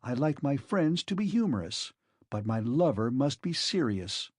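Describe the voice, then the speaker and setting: A man's voice: medium pitch, sing-song, moderate pace, dry recording, clean studio sound. A man reading an audiobook, voicing a serious, idealistic woman who speaks firmly and fervently. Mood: reproachful. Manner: firm, fervent.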